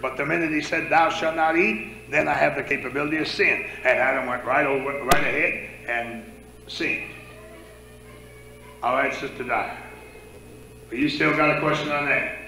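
A man's voice: medium pitch, fairly even intonation, moderate pace, gravelly, long pauses, over music. A man preaching a sermon in a church, talking conversationally and stopping to ask the congregation questions. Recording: echoey church sanctuary.

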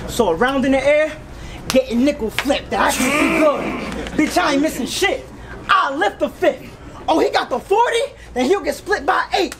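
A man from Florida performing in a rap battle, taunting his opponent in punchy bars with shouted bursts. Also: extremely high pitch, lively intonation, moderate pace, gravelly. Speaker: battle rapper. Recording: noisy live event with crowd ambience.

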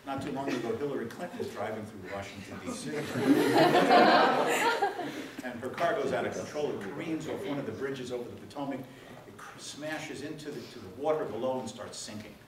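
A man giving a public lecture, telling jokes in an animated storytelling way before the serious talk. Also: mid-range voice, fast talker. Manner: animated storyteller, voices the joke characters. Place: lecture hall with audience. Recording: echoey hall, distant mic, room noise.

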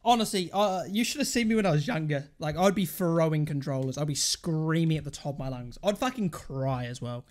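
Young male streamer, volatile and foul-mouthed, pitch that leaps around between shouting and muttering. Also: expressive, brisk, hardly any pauses. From England. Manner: swears constantly and rants at the game; swings from shouting outbursts to muttered grumbling. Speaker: gaming streamer. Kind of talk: live gameplay commentary.

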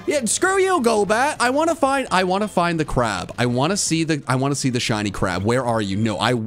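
A man streaming a video game live, chatting with his viewers and breaking into loud, frustrated outbursts. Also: medium pitch. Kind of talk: live gameplay commentary.

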